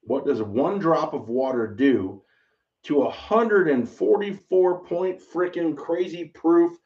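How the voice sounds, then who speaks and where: A man hosting a casual bourbon tasting, excitable and rambling, exclaiming often. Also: a little high, slow. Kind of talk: casual livestream tasting chat. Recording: slightly distant, dull lo-fi mic.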